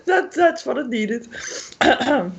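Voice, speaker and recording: A woman's voice: high voice, expressive, slow, creaky, slightly rough. Giggly woman on a lo-fi call. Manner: giggly, teasing. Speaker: panelist. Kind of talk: casual chat.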